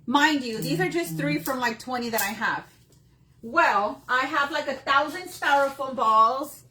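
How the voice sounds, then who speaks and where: Bright-voiced chatty craft host. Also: female voice, high voice, a little slow, slight background noise. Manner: chatty, greets viewers by name. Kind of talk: live-streamed craft tutorial.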